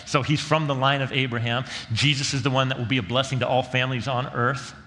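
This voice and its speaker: A man's voice: medium pitch, fairly even intonation, fairly quick, few pauses, sharp tone, big-room sound. A male pastor preaching a sermon in a conversational way, using casual slang and acting out quotes.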